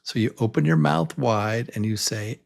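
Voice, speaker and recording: A man's voice: medium pitch, moderate pace, gravelly. A man teaching a beginner English pronunciation lesson, patiently repeating each letter sound and inviting the listener to try.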